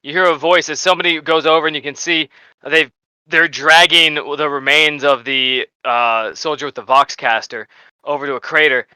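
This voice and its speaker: A man's voice: a little high, fairly even intonation, normal speed, pushed and bright, smooth, dry recording. A man narrating as game master in a casual, rambling way.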